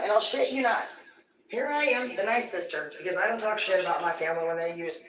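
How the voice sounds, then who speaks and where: A woman rants on a livestream, foul-mouthed and heated, jumping from one grievance to the next. Her voice sits at a middling pitch. She is heard from some distance, with the echo of the room around her. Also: fairly quick. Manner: heated, vulgar, rambling. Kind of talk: profane angry rant on a livestream. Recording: echoey room, distant from the mic.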